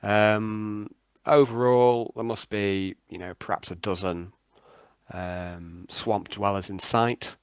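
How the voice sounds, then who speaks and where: A man's voice: fairly low pitch, steady tone, slow, clean tone, no room sound. A man, running a tabletop game as game master and narrating with hesitant starts. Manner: hesitant, many ums and restarts.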